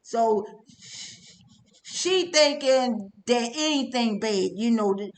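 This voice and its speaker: A woman's voice: fairly high pitch, slow. A middle-aged woman telling a personal testimony story in a casual, rambling way, full of stammers, filler sounds, swearing and tag questions. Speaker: testimony speaker.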